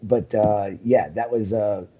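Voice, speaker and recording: Man, casual chat, rambling, laughing, husky voice, muffled lo-fi sound. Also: on the low side, steady tone, takes it slowly. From United States. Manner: laughing, rambling with many fillers. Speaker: guest, coral farm owner.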